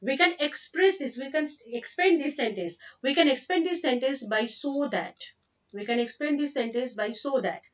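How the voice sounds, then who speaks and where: High-voiced Indian woman teaching grammar. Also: expressive, moderate pace, distant mic, highs cut off. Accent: Indian English. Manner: explains patiently, repeats sentences, mixes in Hindi. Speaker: English teacher. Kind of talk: online grammar lesson.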